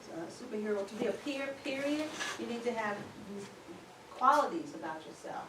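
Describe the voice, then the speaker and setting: A woman's voice: fairly high pitch, expressive, brisk. A woman leading a conference workshop as facilitator, chatty and encouraging as she affirms the group. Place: conference room. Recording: echoey room from far off, background noise.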